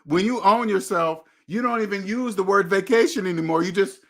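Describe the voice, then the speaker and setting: A man's voice: sits high, brisk, a bit bright. A man hosting a motivational money talk, preachy and emphatic, driving points home with repeated questions. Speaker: host.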